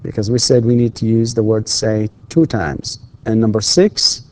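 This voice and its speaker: A man's voice: fairly low pitch, fairly even intonation, moderate pace, few pauses. A man lecturing an English class, patiently repeating words and prompting students with questions.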